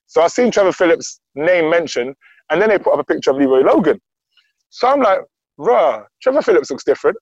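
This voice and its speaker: Guest, male, animated storyteller, slightly high voice, dull dry recording. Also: brisk, no room sound. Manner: lively, acts out quoted dialogue.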